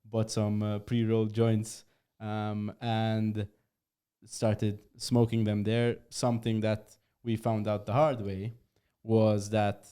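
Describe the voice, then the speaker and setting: A man's voice: fairly low pitch, completely flat delivery, takes it slowly, dark tone, clean tone. A man hosting a podcast who talks casually and hesitantly, with lots of "um" and frequent laughter. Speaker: podcast host.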